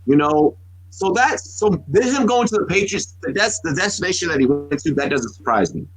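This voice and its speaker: A man's voice: high-pitched, lively intonation, normal speed, poor audio. A man in his thirties, a podcast co-host, telling rambling, profane stories in casual sports talk, full of restarts. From United States.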